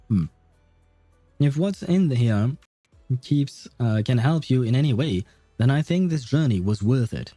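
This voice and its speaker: Game streamer, man, dark mellow voice, lively pitch, chatty with laughs, lozenge in his mouth. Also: measured pace, pauses often, dry recording, soft background music. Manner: chatty, laughs and restarts words. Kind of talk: reading game dialogue aloud with commentary.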